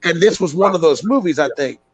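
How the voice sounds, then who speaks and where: A man's voice: fairly high pitch, animated, brisk, slightly rough, dry recording. A man joining a live chat show, chiming in easygoingly and agreeing with the others. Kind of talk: casual chat.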